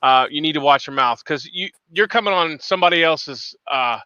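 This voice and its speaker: A man with a bright, crisp, fairly high voice, swearing through casual chat with joking bravado. The sound is dry and a little dull, recorded close with no room around it. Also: moderate pace, no echo.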